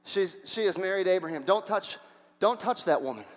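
A man's voice: sits high, expressive, a little fast. A man preaching who voices God giving a firm, commanding warning. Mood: stern. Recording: long hall reverb.

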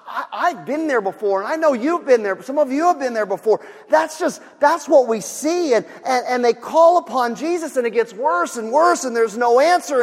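High-pitched male pastor, animated sermon. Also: in a large hall. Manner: animated, swings from loud outbursts to quiet storytelling.

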